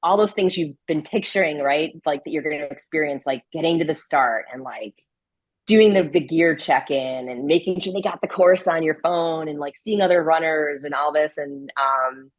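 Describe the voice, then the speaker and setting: Interview guest: woman, low voice, chatty, filler-heavy, laughs easily, dry close sound. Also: normal speed, dry recording, low-quality recording. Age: adult with a grown daughter. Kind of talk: casual podcast interview.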